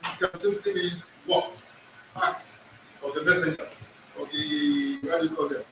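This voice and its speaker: A man's voice: a little high, measured pace, bright, forceful tone, a little hiss or hum. A man teaching an in-person language class, drilling pronunciation, repeating words and quizzing his students. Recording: echoey room, far from the mic.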